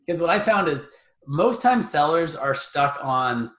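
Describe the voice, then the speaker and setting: A man's voice: a little high, lively intonation, a little slow, a bit bright, roomy sound. A man guest on a podcast interview, talking through ideas conversationally and often repeating words as he thinks. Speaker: guest, real estate investor.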